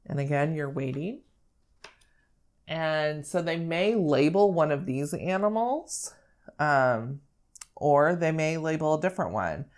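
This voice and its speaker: A young woman speech therapist explaining how to model language during a read-aloud, in an animated teaching manner. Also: low-pitched, takes it slowly. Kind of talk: instructional talk with read-aloud.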